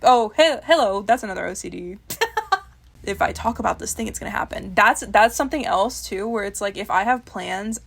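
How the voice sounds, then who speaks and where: Gravelly-voiced young woman venting casually. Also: mid-range voice, lively intonation, moderate pace. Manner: candid, swears often, laughs at herself. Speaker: vlogger. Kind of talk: casual confessional chat.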